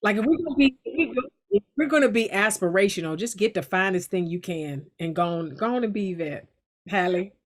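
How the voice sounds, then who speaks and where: Middle-aged woman, actress guest, casual interview chat, lively, laughs often. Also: mid-range voice, brisk. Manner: lively and laughing, with frequent restarts.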